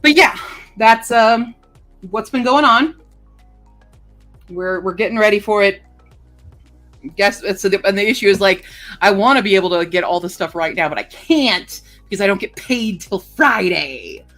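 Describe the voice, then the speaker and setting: A woman livestreamer chatting casually with her viewers, rambling and filling pauses with lots of ums and uhs. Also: mid-range voice, fairly bright tone, faint music behind. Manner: chatty and rambling, with many fillers. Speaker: livestreamer greeting chat. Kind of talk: casual live-stream chat.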